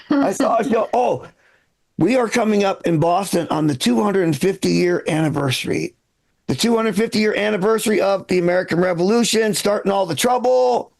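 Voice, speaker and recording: A male stand-up comedian from Michigan works the crowd in a loose, profane way. His voice sits high with a gravelly, creaky edge. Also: lively intonation, normal speed. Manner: casual, profane, chatting with the crowd. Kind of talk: live stand-up set.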